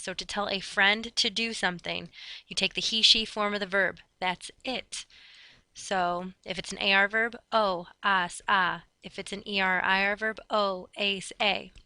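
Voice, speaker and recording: A woman teacher giving a brisk recorded review lesson, explaining step by step. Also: mid-range voice, pushed and bright, clear, resonant tone, no echo. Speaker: Spanish teacher.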